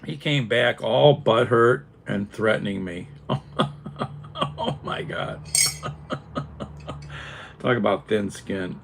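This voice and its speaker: An older man from Northeast Ohio with a flat Northeast Ohio accent, chatting casually with live viewers, wry and sarcastic, chuckling as he rambles. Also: lowish voice, slow, vocal fry, pauses often, a little hiss or hum. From Northeast Ohio, USA.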